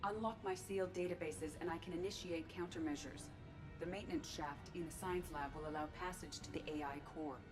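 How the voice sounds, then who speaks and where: An actress voicing a calm, precise female shipboard AI in a video game, speaking in a measured, formal way. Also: fairly low pitch, music in the background, close to an everyday voice.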